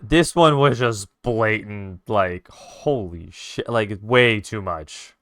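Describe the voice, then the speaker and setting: Male streamer, casual and profane storyteller, smooth voice, dry close mic. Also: on the low side, slow pace, no echo. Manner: animated, profane retelling with sound effects.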